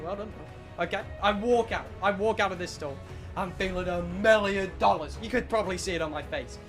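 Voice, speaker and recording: Streamer, young British man, high and bright voice, excitable, sweary storyteller. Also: soft background music. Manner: excitable, swearing, dramatic pauses. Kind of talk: animated storytelling to a live chat. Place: home streaming room.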